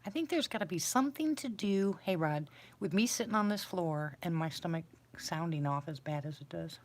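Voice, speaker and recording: Low-voiced chatty woman livestreaming. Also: expressive, normal speed. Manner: rambling, self-deprecating, chatty. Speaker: livestream host. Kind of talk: casual chat with viewers. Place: sitting on a floor indoors.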